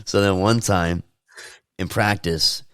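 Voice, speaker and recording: A young man in casual podcast chat, telling animated stories and shouting the quoted lines in high voices. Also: slow, clear, resonant tone, no echo, clean studio sound. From California. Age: young adult. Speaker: podcast co-host.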